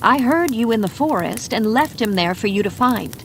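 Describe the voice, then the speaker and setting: A woman voicing a wary, sharp-tongued woman who lives in the forest, blunt and teasingly wry, in a bedtime mystery audiobook. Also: fairly high pitch, expressive, normal speed, a little hiss or hum.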